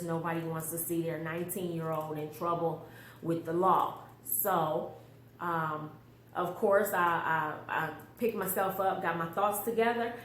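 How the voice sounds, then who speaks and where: A middle-aged mother giving an earnest, emotional personal testimony, often quoting the voices she heard. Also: fairly low pitch. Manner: emotional, earnest storytelling with quoted inner voices. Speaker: mother telling a personal story. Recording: roomy echo with faint background hum.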